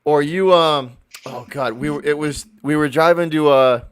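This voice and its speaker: A man chatting casually on a trivia stream, voice sitting a little high for a man. He talks in halting bursts and restarts his sentences while he tries to remember things. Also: clear, resonant tone. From Boston area. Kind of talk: casual chat.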